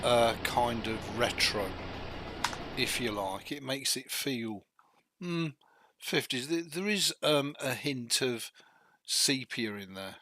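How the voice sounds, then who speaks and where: A man giving rambling, self-deprecating live commentary as he streams a truck driving game, stopping now and then to cough or clear his throat. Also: mid-range voice, expressive, takes it slowly. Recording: loud noise behind the voice.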